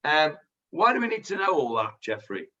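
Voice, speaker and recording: A rabbi leads a Bible class in a bright, forceful voice pitched a little high. He talks things through with frequent ums and restarts, and the recording sounds dull and lo-fi. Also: big pitch swings, moderate pace. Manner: thoughtful, hesitant with many fillers. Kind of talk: teaching and discussing with students.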